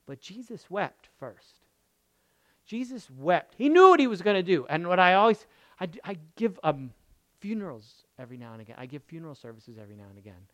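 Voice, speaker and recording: A pastor preaching a sermon emphatically, repeating key phrases and swinging between loud bursts and soft murmurs. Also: medium pitch, sing-song, fairly quick, no room sound.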